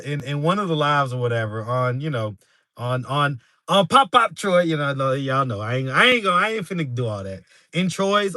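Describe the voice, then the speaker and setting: Brief: easygoing male host chatting live with viewers, bright tone, dry close sound, laughs easily. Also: on the high side, no room sound. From New York. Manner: laid-back, laughs often, talks straight to the chat. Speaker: street interview channel host. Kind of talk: casual livestream chat with viewers.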